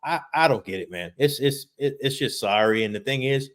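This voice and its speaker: A man's voice: medium pitch, expressive, brisk. A man co-hosting a casual sports podcast over a video call, emphatic and frustrated, often repeating words. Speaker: podcast co-host. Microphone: remote video call.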